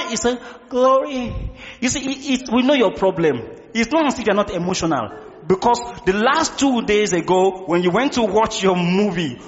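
A male pastor, preaching an impassioned sermon and often shouting to the congregation. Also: high-pitched, long reverb tail, lo-fi sound, a little hiss or hum.

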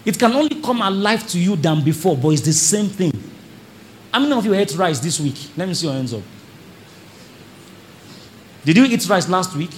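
A man's voice: sits high, normal speed, long pauses, a little hiss or hum. A man preaching a sermon to a congregation, acting out churchgoers and calling on the audience to respond. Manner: animated preaching, acts out congregants, calls on the audience. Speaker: pastor. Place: church service before a congregation.

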